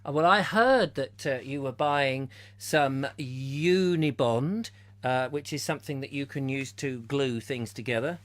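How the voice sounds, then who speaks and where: A man's voice: mid-range voice, measured pace. A man hosting a comic live chat show, rambling and silly in his banter. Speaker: host.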